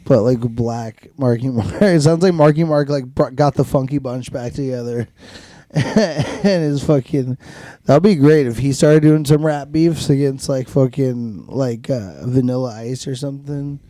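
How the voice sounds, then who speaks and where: Man co-hosting a podcast, rambling and swearing, mellow dark tone, dry close sound. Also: medium pitch, a little slow, dry recording. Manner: rambling, profane, laughs often. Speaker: podcast co-host. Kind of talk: casual chat.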